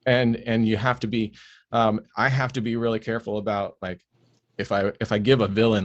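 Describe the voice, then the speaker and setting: A man who narrates audiobooks, speaking as a guest in a relaxed interview, explaining his craft at length with fillers and restarts. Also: mid-range voice, brisk, lo-fi sound.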